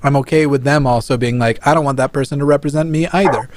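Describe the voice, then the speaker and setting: A man co-hosting a casual talk show, reading viewer chats aloud in a relaxed way. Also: medium pitch, fast talker, a little hiss or hum. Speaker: podcast co-host. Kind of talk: casual chat.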